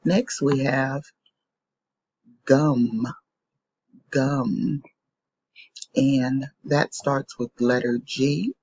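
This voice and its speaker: Woman teacher, patient phonics lesson for small kids, slow and slightly husky, dry dull recording. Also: rumbling low, steady tone, a little mellow, no room sound. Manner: slow, patient, repeats each word twice. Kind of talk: phonics lesson for young children.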